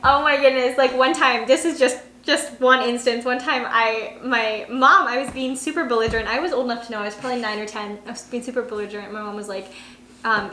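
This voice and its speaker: A woman's voice: fairly high pitch, fast, bright, forceful tone, roomy sound, slight background noise. A young woman hosting a casual chat, telling stories with lots of fillers and laughs. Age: young adult. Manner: chatty storytelling with frequent laughter and fillers. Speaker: channel host.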